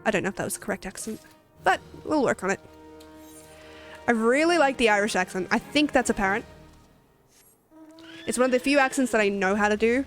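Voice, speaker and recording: A woman streamer chats casually while playing a game, rambling and self-deprecating. Her voice sits a little high, and faint music plays underneath. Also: brisk, long pauses, a bit bright.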